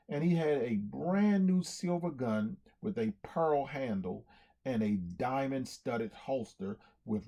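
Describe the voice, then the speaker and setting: A man reading a storybook aloud in an animated way, acting out cheers and sound effects. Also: medium pitch.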